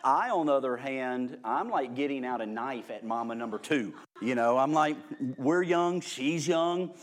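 A man's voice: medium pitch, normal speed. Joking, conversational male preacher. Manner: joking and self-deprecating, swinging from hushed to loud. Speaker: pastor. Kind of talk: informal humorous sermon.

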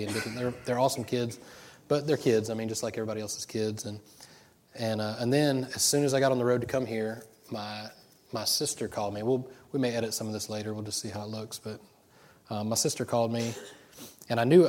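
A man's voice: medium pitch, darkish tone. A middle-aged man preaching an informal sermon, telling personal stories in a rambling way with many restarts. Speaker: pastor.

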